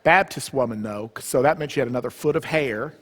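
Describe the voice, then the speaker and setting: A man telling a humorous family story at a church retreat, animated and playful. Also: mid-range voice, a little fast, a little hiss or hum. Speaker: retreat speaker. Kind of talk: storytelling talk. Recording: long church reverb.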